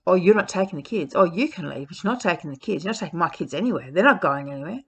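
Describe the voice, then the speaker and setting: A woman's voice: on the low side, expressive, very fast, husky. A woman voicing a manipulative male ex-partner, quoting his bitter, mocking retorts to a partner who is leaving. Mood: bullying. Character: manipulative male ex-partner, pleading then bullying.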